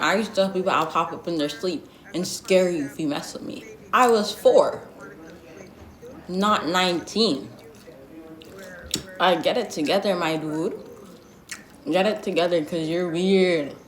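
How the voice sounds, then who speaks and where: Sassy young woman telling a story, roomy sound. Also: fairly low pitch. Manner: blunt, sassy and slangy, with lots of asides. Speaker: vlogger. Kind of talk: storytime vlog, casual gossip. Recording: roomy echo.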